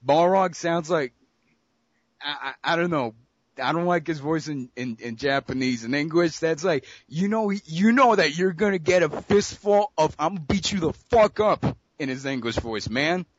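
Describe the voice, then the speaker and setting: Young dude ranting about fighting games, cusses a lot, kinda high voice, dry muffled audio. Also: male voice, lively intonation, normal speed, no echo. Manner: profane, brash, opinionated. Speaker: friend in a gaming chat. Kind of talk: casual chat. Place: abroad in Costa Rica.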